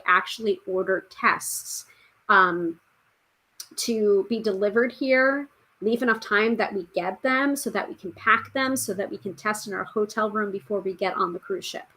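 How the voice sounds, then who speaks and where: A woman's voice: medium pitch, sharp tone. Woman, podcast host, casual chatty live-stream delivery, mid-range voice. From United States. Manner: chatty, reads out viewer comments, frequent fillers.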